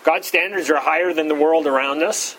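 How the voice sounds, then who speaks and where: Male pastor, slightly higher voice, expository sermon with emphatic pitch rises, faint background noise. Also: fairly quick, fairly bright tone, rough recording. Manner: repeats words, frequent "all right" fillers. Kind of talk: expository Bible teaching.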